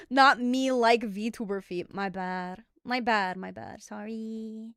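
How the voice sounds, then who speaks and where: Giggly vtuber girl chatting w chat, high bouncy voice, takes her time, dry close mic. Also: steady tone, slow pace, a bit bright, clear, resonant tone, no echo. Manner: giggly, chatty, playfully bossy. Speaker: VTuber streamer. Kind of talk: casual stream chat.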